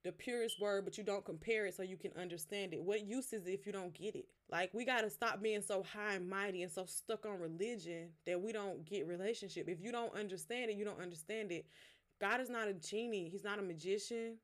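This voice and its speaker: A woman hosting a podcast, giving a relaxed, conversational devotional teaching. She talks straight to her listeners and stops to explain words one at a time. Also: mid-range voice, fairly quick, few pauses. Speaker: podcast host.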